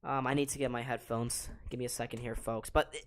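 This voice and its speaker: A man's voice: mid-range voice, little pitch movement, fast talker, few pauses. Young man ranting over hockey play-by-play. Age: late teens. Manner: exasperated, ranting, repeats himself. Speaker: livestream host. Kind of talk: live reaction play-by-play.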